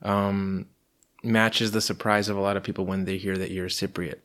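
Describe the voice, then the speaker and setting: A man's voice: sits low, little pitch movement, normal speed, fairly bright tone. A young man with an American accent, a guest in a casual interview, talking things through thoughtfully with frequent fillers. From grew up between the United States, Cyprus, Brussels and London. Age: young adult.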